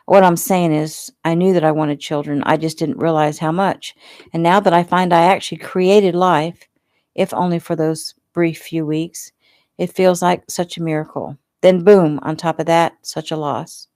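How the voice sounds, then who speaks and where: A woman's voice: sits low, fairly even intonation, normal speed, darkish tone, no echo, studio quality, natural voice. A woman reading a tender young man, devoted and worried. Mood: grieving.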